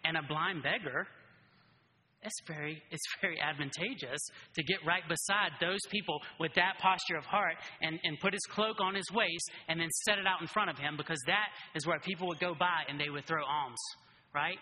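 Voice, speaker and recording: A man preaching a casual, animated sermon who keeps checking in with his listeners by asking "right?". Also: a little high, moderate pace. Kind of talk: conversational sermon. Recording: reverberant hall.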